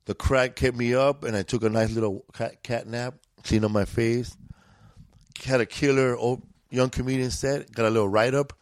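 Slangy, profane LA comedian. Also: male voice, mid-range voice, fairly even intonation, normal speed, no room sound. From East Los Angeles. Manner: profane, laid-back, drawling street slang. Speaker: guest comedian. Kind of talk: casual storytelling.

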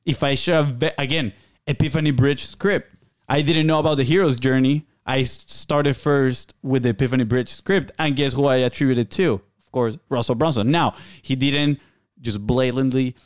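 A man's voice: mid-range voice, fairly even intonation, normal speed, clean tone, no echo. A man co-hosting a podcast in loose, joking chat, full of fillers and tag questions like "right?". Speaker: podcast co-host.

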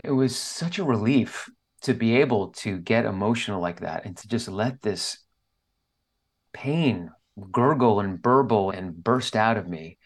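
Earnest man telling a personal story. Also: medium pitch. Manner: earnest, openly emotional storytelling. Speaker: guest author. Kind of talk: candid podcast interview.

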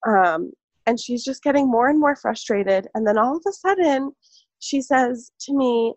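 A woman in casual conversation, telling an animated story full of fillers and laughs. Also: fairly high pitch, measured pace, no echo. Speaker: podcast co-host, former barista. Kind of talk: casual chat.

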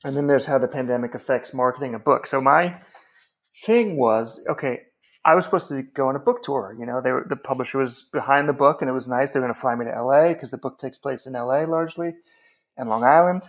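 A man's voice: medium pitch, a little fast. A man, a novelist, talking candidly and loosely about writing and his work in a casual conversation. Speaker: novelist guest.

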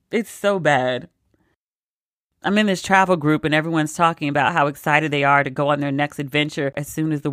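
A woman with a lowish voice hosts a podcast, offering casual, wry and exasperated news commentary and laughing between quotes. The recording is dry and studio quality.

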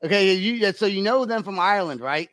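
A man with a Southern American accent hosting a podcast, excitable, laughing a lot and swearing casually. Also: high voice, a little fast. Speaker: podcast host. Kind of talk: casual chat.

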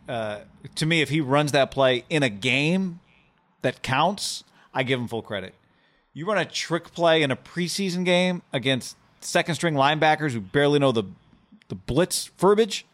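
A man's voice: medium pitch, fairly bright tone. A man co-hosting a casual sports podcast, rattling through ad reads and mailbag questions. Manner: rapid ad reads, playful. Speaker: podcast co-host.

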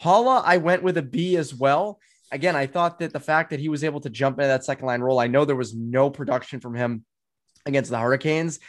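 A man with a Boston accent hosting a casual sports podcast, animated and chatty, his voice jumping up when he gets excited, with frequent ums and restarts. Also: mid-range voice. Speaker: podcast host.

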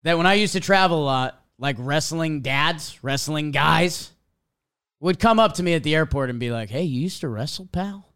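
A man's voice: fairly high pitch, moderate pace, clear, resonant tone. A young man telling a casual story as a podcast host, acting out little quotes as he goes. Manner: animated storytelling, acts out quotes.

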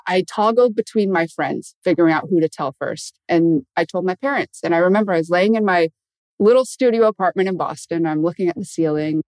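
A woman's voice: lowish voice, a little fast, a little mellow, dry recording. A woman in her thirties from Michigan, telling personal stories candidly in an interview and swearing casually. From Michigan, USA. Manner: candid, swears casually, acts out quoted voices. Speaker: guest.

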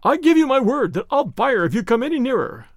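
A man's voice: big pitch swings, a little fast, no echo, clean studio sound. A man putting on a reedy, quivering nervous old patient. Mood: frightened. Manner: nervous, pleading, high-strung. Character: fat frightened middle-aged man, nervous, jittery.

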